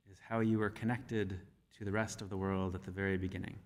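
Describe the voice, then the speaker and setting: A man's voice: deep voice, level tone. Male minister preaching in a reverberant hall. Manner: measured, gentle storytelling. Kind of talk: sermon. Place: church sanctuary.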